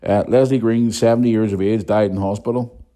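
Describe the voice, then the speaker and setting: Northern Irish male podcast host, thirties, low mellow voice, blunt sweary ranter. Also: fairly even intonation, fairly quick. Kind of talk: casual ranting monologue.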